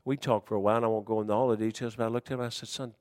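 Preacher with a dry, close sound. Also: male voice, lowish voice, fairly even intonation, very fast, dry recording. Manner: swings from shouting to hushed storytelling; folksy Southern dialect. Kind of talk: sermon.

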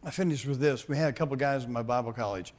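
A middle-aged man, a pastor, preaching a sermon with animated storytelling and calls to the congregation. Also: medium pitch, quick pace.

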